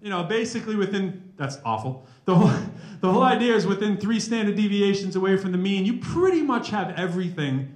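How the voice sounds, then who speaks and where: A man's voice: high-pitched, a little fast. Joking man lecturing in an echoey hall. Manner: joking, animated, chatty. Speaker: rapper and math professor giving a talk. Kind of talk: lively campus talk with humor. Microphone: handheld mic. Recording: echoey room.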